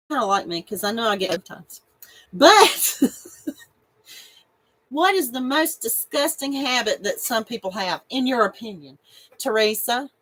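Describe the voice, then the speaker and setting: A woman's voice: on the high side, pushed and bright, breathy edge, poor audio. A middle-aged woman, hosting a casual live stream and chatting with viewers, giggly and emotional and laughing often. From North Carolina, USA.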